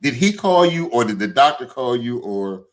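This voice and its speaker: A man hosting a casual interview, asking gentle follow-up questions in a supportive way. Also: mid-range voice, very animated, moderate pace. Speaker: talk show host.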